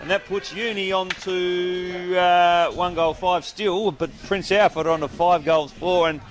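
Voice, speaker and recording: An Australian man commentating local football with a lively, opinionated delivery, throwing asides to his co-hosts. His voice is pitched a bit above the usual for men. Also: takes it slowly. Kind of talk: live sports commentary.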